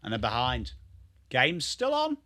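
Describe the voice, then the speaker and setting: A man from Australia hosting a live football watchalong, chatting casually with viewers by name and breaking into quick play-by-play calls. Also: medium pitch, huge pitch swings, sharp tone, no room sound, studio quality. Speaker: live stream host.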